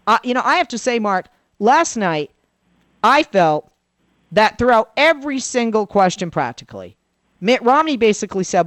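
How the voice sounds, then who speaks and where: A woman guesting on a talk-radio show, telling a story with big swings of pitch and acting out the voices of the people she quotes. Her voice sits in the middle of the female range. The sound is dry and close, with no room around it. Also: normal speed, dry recording. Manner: animated storyteller who acts out quoted dialogue. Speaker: political commentator, radio guest. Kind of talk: lively talk-radio commentary.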